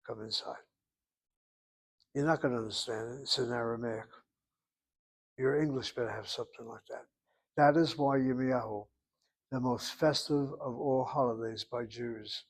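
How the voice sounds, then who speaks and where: A man's voice: mid-range voice, steady tone, moderate pace, creaky. A man teaching a Hebrew class, explaining grammar step by step and calling on students by name. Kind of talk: online class instruction.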